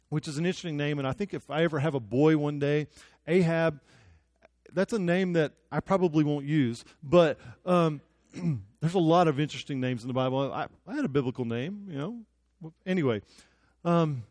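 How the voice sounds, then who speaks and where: Young texas preacher guy telling a bible story w jokes, voice a bit high, dry close sound. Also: dry recording. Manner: lively storytelling with jokes and acted-out quotes. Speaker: pastor. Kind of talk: sermon.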